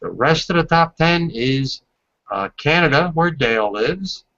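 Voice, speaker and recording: A man's voice: a little high, expressive, a little slow, sharp tone. A man hosting a casual video call, reading aloud from a report and adding asides. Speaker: host. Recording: dull lo-fi video call audio.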